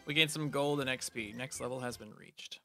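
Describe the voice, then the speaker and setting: A man's voice: medium pitch, fairly quick, gravelly, sharp tone, faint music behind. A man giving casual, playful commentary while playing a game, reading its text aloud with jokey asides. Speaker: gaming video creator. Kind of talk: casual let's play commentary.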